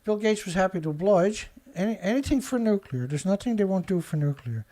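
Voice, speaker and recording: A man's voice: high-pitched, expressive, a little fast, warm tone. A man hosting his own show, reading news headlines aloud and answering them with sarcastic, indignant commentary. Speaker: show host.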